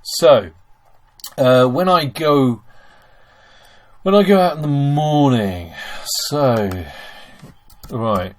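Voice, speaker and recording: A man explains German sentence structure step by step, at a middle pitch, as in a screen-recorded lesson. He talks to his viewers as ladies and gentlemen, and keyboard typing is heard behind him. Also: animated, extremely slow, long pauses. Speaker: German teacher.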